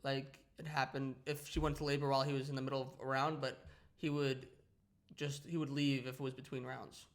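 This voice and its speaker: A man's voice: mid-range voice, flat delivery, a little fast. A young man co-hosting a podcast, talking casually and rambling with many restarts and "like" fillers. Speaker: podcast co-host. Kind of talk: casual chat.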